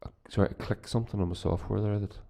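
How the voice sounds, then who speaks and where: Northern irish guy, deep mellow voice, rambly sweary podcast chat. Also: steady tone, fast, vocal fry. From Northern Ireland. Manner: rambling and profane, with many restarts. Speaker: podcast host. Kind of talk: casual solo podcast chat.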